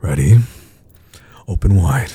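A man voicing a dominant, teasing adult man in an audio role-play, murmuring low taunts with breathy grunts. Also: expressive, slow pace, mellow, heavily acted. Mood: taunting.

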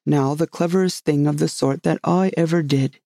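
A reader voicing a solemn, rambling knight who loves his inventions, speaking gravely and earnestly in a storybook reading. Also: medium pitch, normal speed, warm tone, no room sound, studio quality, natural voice.

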